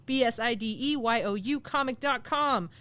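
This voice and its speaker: A woman co-hosting a podcast, reading a playful outro with mock threats and quick jokes. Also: fairly high pitch, a bit bright. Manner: mock-threatening, jokey plugs. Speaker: podcast co-host.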